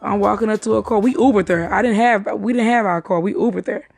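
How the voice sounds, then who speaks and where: A woman's voice: mid-range voice, vocal fry, darkish tone, soft background music. A woman casually recounting events from a night out, swearing freely and acting out what others said. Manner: profane, talks fast and acts out the quotes. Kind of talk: casual storytelling.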